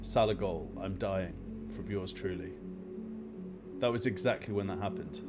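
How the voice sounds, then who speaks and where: A man hosting a casual live stream, telling an exasperated, animated story and rambling with many fillers. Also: deep voice, unhurried, loud music behind the voice.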